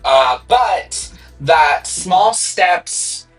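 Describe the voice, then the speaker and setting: A man's voice: high-pitched, lively intonation, extremely slow, fairly bright tone. A tipsy man co-hosting a casual tarot livestream, rambling and full of "you know what I mean", with faint music behind. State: tipsy from drinking. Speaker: tarot reader co-host.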